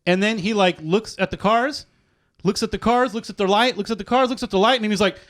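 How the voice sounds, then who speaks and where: A man in his thirties, a fishing guide and podcast guest, telling animated, profane stories in casual chat. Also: sits high, fast talker.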